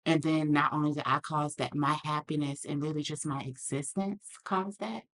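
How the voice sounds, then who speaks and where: Woman guest, deep voice for her sex, earnest reflective storyteller. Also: steady tone, moderate pace, a bit bright. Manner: earnest, reflective, acts out quoted lines. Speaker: podcast guest. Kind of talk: candid personal storytelling.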